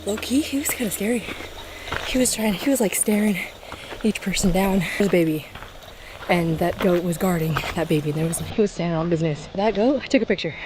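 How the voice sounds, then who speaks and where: Hiking outdoors on a mountain trail, a young vlogger rambles casually to her camera in a lowish voice, talking a little fast and packing in fillers like "like." There's background noise, with music and outdoor ambience in the vlog footage.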